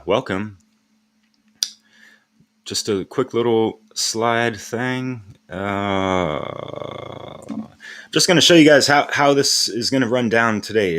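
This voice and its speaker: A man's voice: mid-range voice, a bit bright. A man hosting his own live stream in a casual, rambling way, using street slang and laughing often as he talks.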